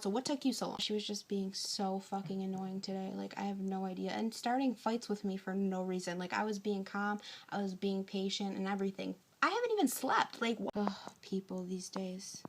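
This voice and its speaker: A young woman rants into her phone camera, tired and hungry, her voice sitting in an ordinary middle pitch. She tells the story casually, jumping into animated quotes of both sides of an argument and swearing freely. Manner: exasperated, quoting others in animated bursts, swearing. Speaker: vlogger.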